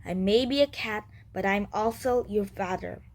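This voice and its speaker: A woman's voice: medium pitch, normal speed, darkish tone, close to an everyday voice. A woman reading aloud as an elderly male cat, a fussy, doting great-grandfather, in a children's book. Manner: reading a talking-cat dialogue aloud in a lightly lifted voice.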